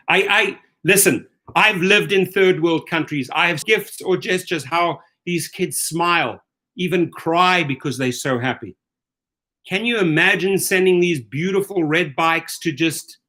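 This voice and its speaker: A middle-aged man with a fairly high, bright, forceful voice hosts rideshare commentary. He rants angrily, swearing and firing off rhetorical questions again and again.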